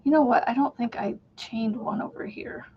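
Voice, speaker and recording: A chatty woman in her thirties talks casually as she crochets on a home livestream, rambling from one thought to the next and laughing easily. Her voice sits a little high for a woman. The sound is dull and lo-fi. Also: normal speed, slight background noise. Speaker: crochet channel host.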